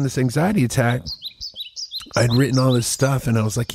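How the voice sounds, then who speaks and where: A man's voice: mid-range voice, steady tone, moderate pace, pauses often, a little mellow, slight background noise. A man in his forties hosting a podcast, rambling in a casual, profane, self-mocking way into a mic held close in front of his face. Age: 40s. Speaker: podcast host.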